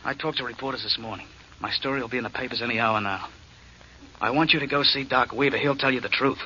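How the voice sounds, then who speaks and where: A man's voice: medium pitch, fairly even intonation, quick pace, sharp tone, a little hiss or hum. An actor playing a desperate, wrongly jailed man who pleads urgently in a 1940s radio drama. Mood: pleading. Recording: dull old radio recording.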